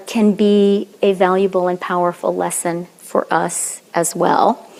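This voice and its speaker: A Canadian woman in her fifties giving a public lecture, earnest and measured, pausing often with fillers. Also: medium pitch, gravelly, darkish tone. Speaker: guest lecturer. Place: lecture hall.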